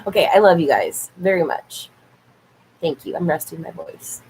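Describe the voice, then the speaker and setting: A woman's voice: low-pitched, animated, moderate pace, a little mellow, slight background noise, rough recording. A woman hosting a casual livestream from home into a laptop mic, playful and laughing often, swearing freely. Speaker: online show host. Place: home room.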